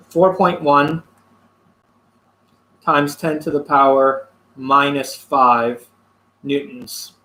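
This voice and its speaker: A man teaching a physics lesson, explaining a worked problem step by step with pauses and fillers. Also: a little high, echoey room, low-quality recording. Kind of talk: classroom lecture working through a problem.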